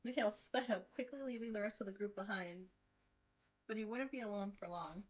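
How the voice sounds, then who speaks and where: A woman's voice: mid-range voice, brisk, dull audio. A young woman streamer reading a visual novel aloud on a live stream, narrating steadily with chatty asides.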